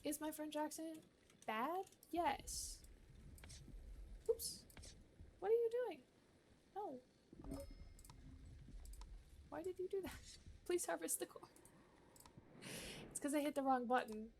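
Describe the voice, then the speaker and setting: A woman's voice: high voice, expressive, slow, long pauses, darkish tone, a little hiss or hum. A woman streaming a video game, talking casually and self-mockingly while she plays, laughing often. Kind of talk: casual gameplay commentary.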